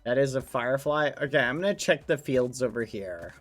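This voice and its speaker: A man streams a game from home, talking casually to his audience and rambling through a story with lots of fillers. His medium-pitched voice is animated, fairly quick and a bit bright, with faint music behind him.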